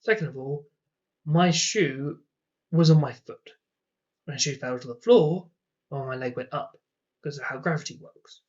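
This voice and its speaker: A man's voice: medium pitch, brisk. A young man telling personal stories in a casual vlog, rambling and exasperated with many fillers. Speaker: vlogger. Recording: dull lo-fi sound.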